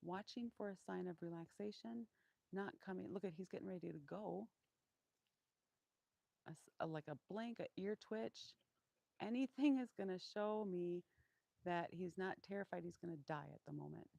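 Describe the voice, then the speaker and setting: A woman training a wild donkey in an outdoor pen, speaking calmly and keeping her voice deliberately monotone as she explains each step. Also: gravelly, no room sound, poor audio. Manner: calm, low-key, deliberately monotone. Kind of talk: live training demonstration.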